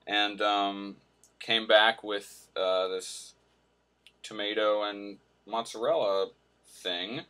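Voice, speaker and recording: A man's voice: on the low side, fairly even intonation, slow pace, pushed and bright. A man hosting a casual cooking vlog, joking and telling playful mock-serious tall tales as he cooks in a home kitchen. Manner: hums to himself while cooking. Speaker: host.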